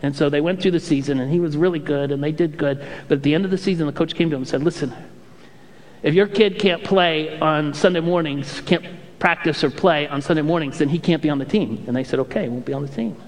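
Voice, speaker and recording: Guy pastor preaching, animated storyteller, high voice, big echoey church. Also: quick pace. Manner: animated storytelling with playful impressions. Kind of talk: sermon.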